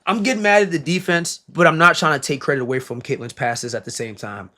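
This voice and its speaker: A man casually breaking down basketball footage, excitable and slangy, often repeating himself and laughing. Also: fairly high pitch, fast talker. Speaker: basketball reaction creator.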